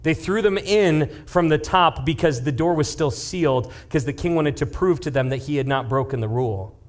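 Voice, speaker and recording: Animated young man preaching to youth. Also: a little high, normal speed. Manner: casual, animated retelling with acted-out quotes and sudden hushed asides. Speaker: youth pastor. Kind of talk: youth-group sermon storytelling.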